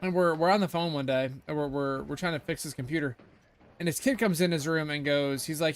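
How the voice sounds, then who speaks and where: A man's voice: a little high, steady tone, fast talker, a little hiss or hum. A young man streaming a game, chatting casually and rambling with lots of fillers and swearing. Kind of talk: casual gameplay chat.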